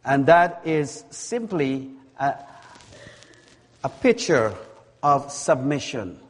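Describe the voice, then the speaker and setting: A man preaching a sermon in a slow, deliberate way, leaning on words through repetition. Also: mid-range voice, very animated. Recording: long hall reverb.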